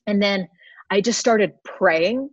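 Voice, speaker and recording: Husky-voiced woman telling a heartfelt story. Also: medium pitch, slow, no echo. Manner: earnest, heartfelt storytelling with frequent laughs. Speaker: guest. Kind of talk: personal testimony in conversation. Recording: slightly dull lo-fi recording.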